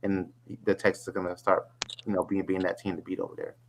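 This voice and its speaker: A man's voice: deep voice, flat delivery, fast, gravelly. A young man hosting a casual sports podcast, talking loosely and laughing a lot. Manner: laid-back, loose, laughs a lot, lots of "you know what I'm saying". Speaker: podcast host.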